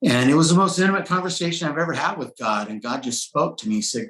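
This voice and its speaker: A man's voice: on the high side, fast, fairly bright tone. A middle-aged man, a pastor, telling a personal testimony in earnest storytelling style in an interview. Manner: earnest storytelling, quoting dialogue, shifting pace. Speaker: pastor, guest. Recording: roomy echo.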